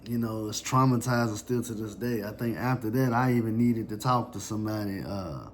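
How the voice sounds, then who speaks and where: A man telling a personal story in a somber, reflective, halting way. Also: fairly low pitch, a little hiss or hum.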